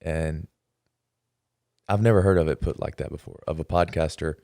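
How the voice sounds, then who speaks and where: A man's voice: rumbling low, fairly even intonation, moderate pace, gravelly, darkish tone, no echo, studio quality. A man hosting a podcast interview, talking in a reflective, hesitant way with many fillers. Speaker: podcast host. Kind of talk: casual interview talk.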